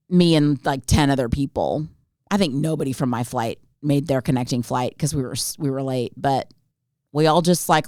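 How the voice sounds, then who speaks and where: A woman's voice: deep voice, no room sound. Woman host, comic storyteller, exasperated ranting, dry close recording. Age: adult, not Gen Z. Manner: exasperated, animated ranting with rhetorical questions. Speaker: podcast host. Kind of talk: comedic storytelling monologue.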